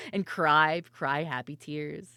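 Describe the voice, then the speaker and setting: A woman streamer chatting casually and loudly with her viewers, laughing often and swearing freely. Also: deep voice, smooth, no echo. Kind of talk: casual live-stream chat.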